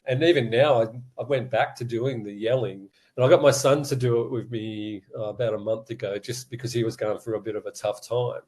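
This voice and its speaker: A man's voice: medium pitch, fairly even intonation, brisk, hardly any pauses, darkish tone. A middle-aged man, a guest in an interview, speaking candidly and casually and laughing now and then. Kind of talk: conversational interview.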